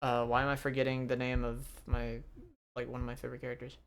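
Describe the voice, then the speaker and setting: Smooth-voiced game master, rambling casually. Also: mid-range voice, completely flat delivery, fast. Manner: casual, rambling, many fillers and laughs. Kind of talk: narrating a tabletop game.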